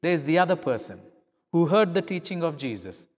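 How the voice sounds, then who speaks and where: A man's voice: on the high side, very animated, normal speed, darkish tone, breathy edge, in a large hall. A middle-aged male pastor preaching a sermon, telling stories and acting out the dialogue in changing voices. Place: church.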